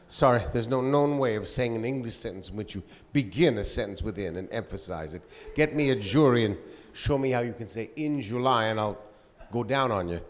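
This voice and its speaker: A man imitating a pompous older male narrator who argues indignantly over ad copy in a haughty, booming way. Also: expressive, brisk, natural voice. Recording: long echo of a convention hall, faint noise.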